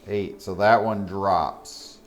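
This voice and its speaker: A man's voice: low-pitched, steady tone, slow pace, soft background music. A man running a tabletop game as dungeon master, talking through rules in a matter-of-fact way.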